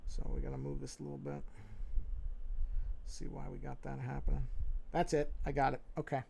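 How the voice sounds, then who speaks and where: A man's voice: medium pitch, completely flat delivery, a little fast, vocal fry, mellow, husky. A man with a New York accent thinking aloud and humming to himself as he narrates his drawing on a casual live stream.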